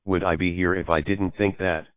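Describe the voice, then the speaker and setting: Guy doing a snappy young bride, low smooth voice, tinny lo-fi sound. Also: little pitch movement, a little fast, no echo, close to an everyday voice. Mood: indignant. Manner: indignant, snapping questions. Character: young woman, a bride, flustered and sharp-tongued. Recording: dry, phone-like lo-fi audio.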